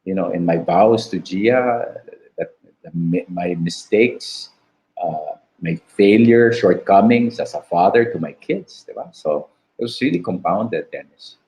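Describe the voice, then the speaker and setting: A man in his fifties with a Filipino English accent, sharing a personal testimony in an interview, reflective and halting. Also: low voice, animated, a little mellow, low-quality recording. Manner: slow and reflective, halting restarts, "diba" tags. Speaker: guest.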